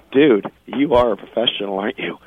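Male talk-radio host, casual and storytelling, laughs a lot, mid pitch, phone-quality audio. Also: slightly rough, no echo. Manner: chatty, laughing, self-interrupting.

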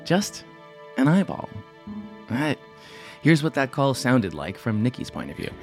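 A podcast host narrating a scripted story in a measured way. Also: medium pitch, big pitch swings, a little mellow. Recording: narration over guitar music.

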